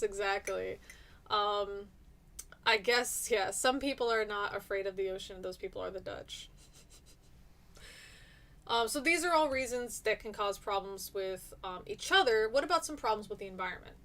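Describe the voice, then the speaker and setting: A woman teaching a class over a live stream at an ordinary middle pitch. She talks in a chatty, encouraging way and answers student comments as they come in. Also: animated, moderate pace, fairly bright tone.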